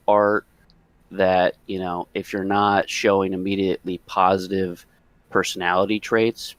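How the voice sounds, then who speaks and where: Man, very low voice, measured and reflective, dry close recording. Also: dry recording. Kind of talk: casual group chat.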